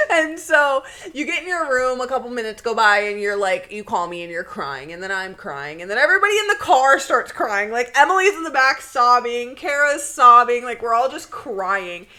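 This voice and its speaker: A woman co-hosting a podcast, telling a story in a blunt, animated way with plenty of swearing. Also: fairly high pitch, moderate pace, hardly any pauses. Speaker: podcast co-host. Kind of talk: casual storytelling chat.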